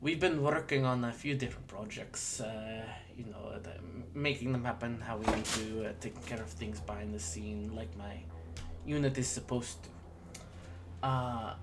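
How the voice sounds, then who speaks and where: A game master voicing a serious male police lieutenant in a tabletop game, with a halting attempt at an Irish accent and many pauses. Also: mid-range voice, steady tone, music in the background, lightly acted. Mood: grave. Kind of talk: voiced character in a tabletop game.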